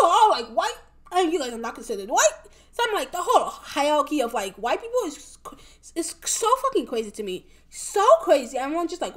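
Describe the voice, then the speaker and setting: A young woman with a high voice talks alone on her podcast. She rambles and circles back on herself, packs her talk with "like" and swear words, and sounds openly exasperated. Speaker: podcast host. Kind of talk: casual solo podcast rant.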